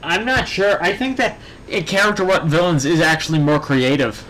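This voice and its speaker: A young man co-hosting a casual podcast, reading fan fiction aloud haltingly and breaking off to comment. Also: on the high side, a bit bright, rough recording. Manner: stumbling, halting reading with many fillers and restarts. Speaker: podcast co-host.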